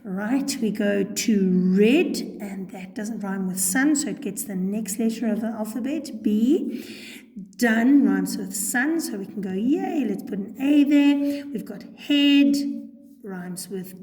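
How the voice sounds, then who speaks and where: A woman's voice: mid-range voice, slow, dark tone. A woman teacher patiently walking students through a poem step by step, checking in with frequent okays. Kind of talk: recorded poetry lesson. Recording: echoey room with long reverb.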